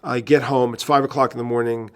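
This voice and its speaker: In a documentary interview, a former band manager tells a long, profane road story in a fast, medium-pitched voice. He's an animated raconteur who acts out the phone calls.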